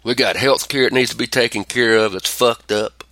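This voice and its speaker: Swearing freely, this man hosts a casual podcast chat, ranting and spinning animated, profane stories. He talks a little fast at a medium pitch, with no echo on the recording.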